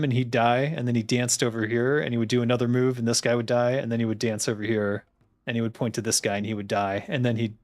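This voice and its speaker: A man chatting casually as he plays through a game, laughing often and poking fun at himself. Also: mid-range voice. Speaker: game designer streamer. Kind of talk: casual gameplay commentary.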